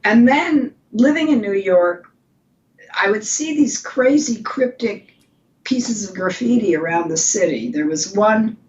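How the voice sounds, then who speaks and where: This is a guest designer, an older woman from the United States, with a mid-range voice that is expressive and a little slow; the highs are cut off. In an interview she spins chatty anecdotes casually, frequently starting over.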